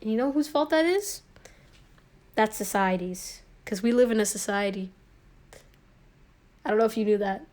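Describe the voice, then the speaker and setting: A woman's voice: medium pitch, normal speed, long pauses, darkish tone. A young woman chatting idly to a live stream while she paints from a phone, rambling and joking at herself. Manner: rambling, self-mocking, talks to herself.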